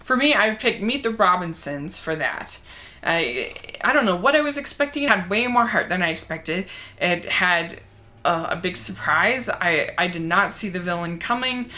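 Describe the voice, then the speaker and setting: A woman's voice: fairly low pitch, animated, moderate pace, sharp tone. A young woman reviewing movies, chatting casually and enthusiastically as she answers a movie tag.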